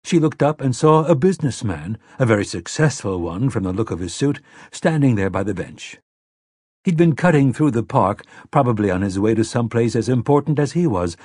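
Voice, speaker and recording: With a slightly husky, mid-pitched voice, a man narrates an audiobook from a script, measured yet expressive as he leans into key moments of the story. The sound is close and dry, free of room sound.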